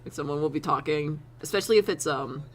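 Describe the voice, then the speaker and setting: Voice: mid-range voice, fast talker. A streamer chatting casually to their chat, rambling with frequent laughs and casual swearing.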